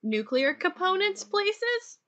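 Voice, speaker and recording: A woman's voice: very high-pitched, very animated, slow pace, fairly bright tone, highs cut off. A young adult woman, a podcast guest, chatting casually with hesitant "like"s and restarts. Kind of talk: casual chat.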